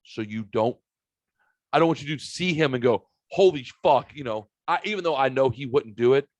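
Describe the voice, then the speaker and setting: A man from the Saint Louis area hosting a podcast, telling a story in casual chat, animated, swearing and acting out quotes. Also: mid-range voice, a little fast, no room sound. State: recovering from a sinus virus. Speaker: podcast host.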